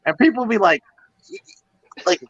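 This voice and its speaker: A man from Baltimore telling profane, animated stories in a casual group chat. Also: high-pitched, unhurried, breathy edge, dry recording, highs cut off.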